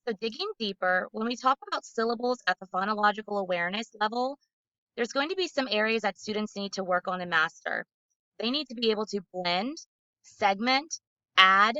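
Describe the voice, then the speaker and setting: Bright, methodical woman presenter. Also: mid-range voice, dry recording, highs cut off. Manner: clear, methodical, slows to model syllables aloud. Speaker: literacy trainer. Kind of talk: instructional presentation for teachers.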